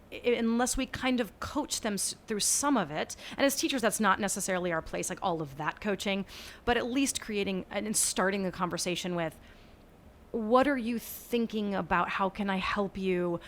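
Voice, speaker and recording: A woman's voice: mid-range voice, moderate pace. Earnest woman teacher, chatty guest. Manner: earnest, acts out what she tells students, many restarts. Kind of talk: casual interview chat.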